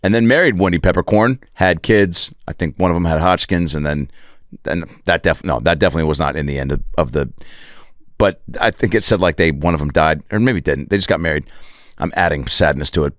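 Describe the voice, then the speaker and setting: A man's voice: sits low, no echo. A male comedian hosting a podcast, telling a profane, rambling comic story in a podcast studio. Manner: profane, digressive, animated. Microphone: podcast studio microphone.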